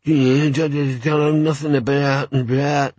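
A man's voice: on the high side, level tone, a little slow, a little mellow, husky, no room sound, pitched above the performer's own voice. A man doing a mumbling, snuffling gnoll. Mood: evasive. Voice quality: bubbling, snuffling. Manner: mumbling, evasive. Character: soggy shifty male gnoll scavenger.

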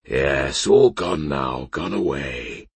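A man's voice: very deep voice, lively intonation, slow pace, gravelly, breathy edge, no room sound, full character voice. A man voicing a drunken, disgraced knight who talks with a wistful slur. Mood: maudlin. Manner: slurred, wistful. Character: drunken disgraced middle-aged knight, maudlin, slurring.

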